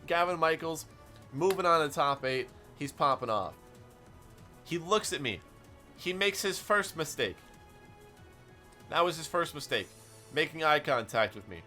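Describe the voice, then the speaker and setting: Young guy streaming a game, bright voice, tells stories all animated, faint music under it. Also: a little high. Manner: animated storytelling, quick asides to chat. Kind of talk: casual stream commentary while playing.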